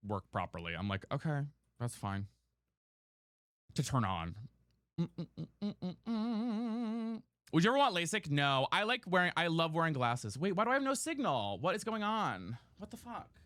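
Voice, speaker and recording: A male streamer chatting casually with his viewers, his voice lively and swinging up and down. The tone is bright and slightly higher than most men's, and he slips easily into exasperated rants. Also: normal speed, no echo, clean studio sound. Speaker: live streamer. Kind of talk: casual chat while gaming. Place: room at home.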